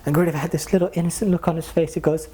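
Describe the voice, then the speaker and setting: A man, a spiritual teacher, telling anecdotes in a casual, animated way, acting out the voices of the people in his stories and often saying "like.". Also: a little high, very fast, husky. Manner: animated, acts out quoted voices, frequent "like" fillers. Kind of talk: casual storytelling talk.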